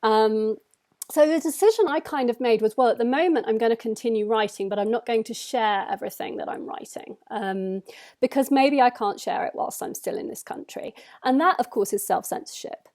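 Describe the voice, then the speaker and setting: Woman writer, reflective monologue, slightly higher voice, measured with frequent pauses. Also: a little mellow. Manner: thoughtful, measured, frequent hesitations. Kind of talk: spoken personal reflection.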